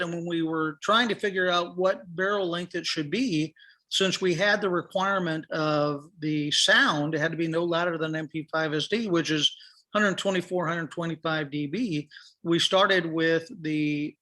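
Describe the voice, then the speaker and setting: A middle-aged man on a podcast, his voice pitched a touch high and very bright and forceful. He spins a long casual anecdote and plays out every back-and-forth, with plenty of "uh"s and "you know"s along the way. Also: a little slow. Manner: acts out quoted dialogue, many fillers. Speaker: podcast guest, firearms industry professional. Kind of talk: casual storytelling.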